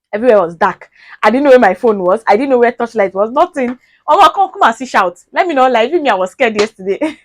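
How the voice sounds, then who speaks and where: A Nigerian mother vlogging casually in her sitting room, telling a story and gently coaxing her daughter. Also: a little high, dry recording. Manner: chatty, mixes in Pidgin phrases, scolds gently.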